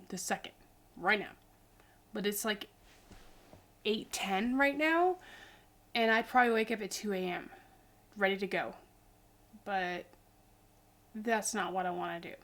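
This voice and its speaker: A woman in her forties talks casually to her viewers, rambling and goofy. She sounds tired. Her voice sits at an ordinary middle pitch. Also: fairly bright tone. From Idaho, US. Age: 40s. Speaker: vlogger. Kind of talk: casual chat.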